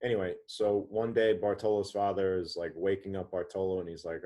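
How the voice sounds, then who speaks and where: Here is a man in his thirties with a low-pitched voice, recounting an anecdote as a podcast guest. He tells it animatedly and often restarts his phrases, pulling the listener along. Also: little pitch movement, fairly quick, few pauses, mellow. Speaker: author and interview guest. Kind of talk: storytelling in a podcast interview.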